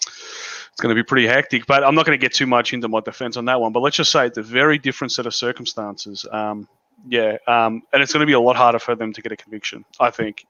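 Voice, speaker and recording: A man's voice: mid-range voice, fairly even intonation, fast, sharp tone, dry recording, dull audio. A young Australian man from Melbourne's northern suburbs, chatting bluntly and swearing often over a video call. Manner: blunt and sweary, laughs at his own story. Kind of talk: casual chat.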